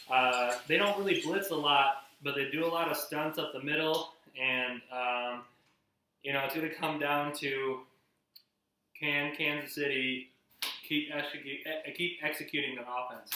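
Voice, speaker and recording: A man's voice: medium pitch, sharp tone, recorded from a distance, a little hiss or hum. A young man hosting a casual cooking show, talking football while he bakes, rambling with lots of fillers and restarts. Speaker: host. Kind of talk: casual cooking vlog with sports talk. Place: home kitchen. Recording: echoey room, a bit off-mic.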